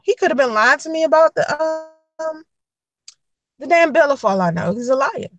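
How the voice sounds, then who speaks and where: A young woman telling a dating story to camera in a blunt, profane, animated way, acting out the quotes. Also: high-pitched, normal speed, long pauses, dry recording, rough recording. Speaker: vlogger giving dating advice.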